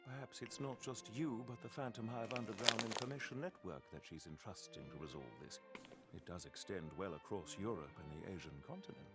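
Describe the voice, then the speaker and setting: An actor playing a suave, dutiful butler in an anime, who speaks in a smooth, polished and courteous way. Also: male voice, lowish voice, fairly quick, close to an everyday voice. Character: suave, dutiful male butler, polite and knowing. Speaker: anime character. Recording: anime clip with loud music underneath. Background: loud background music.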